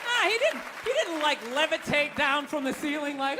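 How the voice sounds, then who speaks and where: A man's voice: very high voice, sing-song, normal speed, over a noisy crowd, heavy background noise. A man doing a stand-up comedy routine on stage, ranting in an exasperated, profane way. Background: audience laughter.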